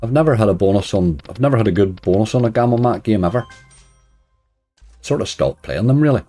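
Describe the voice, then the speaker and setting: Wry, chatty live-stream man, deep voice. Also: animated, brisk, faint music behind. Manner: chatty, greets and answers viewers while playing; wry, laughs softly at his own remarks. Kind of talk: casual live-stream chat.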